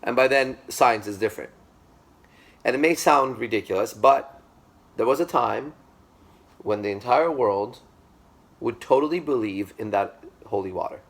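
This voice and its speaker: A man's voice: mid-range voice, moderate pace, creaky, pauses often. A man giving a classroom lecture, speaking with emphasis, repeating himself and checking that the class agrees.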